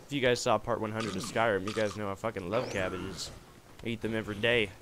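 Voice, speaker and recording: Speaking fast in a steady, lowish voice, a young man comments on his video game through a gaming headset amid a noisy background. His let's play chatter is goofy and meandering, with yelps and silly voices.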